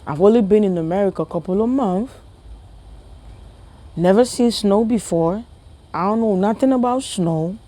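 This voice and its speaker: A woman's voice: mid-range voice, moderate pace, long pauses, warm tone. A woman from Ghana with a Ghanaian accent tells a story in a casual vlog, talking straight to her viewers and asking them questions. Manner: chatty, talks straight to viewers with rhetorical questions. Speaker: vlogger.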